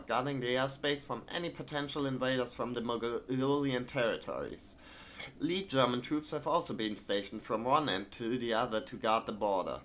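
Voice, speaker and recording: A man's voice: medium pitch, a bit bright, slight background noise. Man reading game newspapers aloud. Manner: reads in-game newspapers aloud, then trails into hesitant asides. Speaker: streamer playing a video game. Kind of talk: let's play, reading game text aloud.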